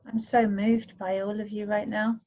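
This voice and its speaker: A woman's voice: medium pitch, flat delivery, moderate pace, a little mellow, slight background noise. A woman in a healing circle on a video call, speaking earnestly and affectionately to the others. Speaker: participant in a women's healing circle. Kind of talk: emotional sharing in an online circle. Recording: dull lo-fi sound.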